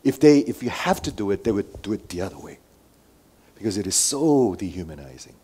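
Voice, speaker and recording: A man preaching a sermon who moves between loud emphatic lines and quiet asides, and asks his listeners many rhetorical questions. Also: on the low side, very animated, a little fast, breathy edge. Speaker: pastor.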